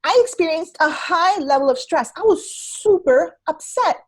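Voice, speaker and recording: A woman's voice: very high-pitched, expressive, normal speed. A pregnant woman in her thirties, a stress management expert, speaking expressively and acting out her own reactions in a conversational interview over a video call. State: heavily pregnant. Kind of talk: conversational interview, animated storytelling.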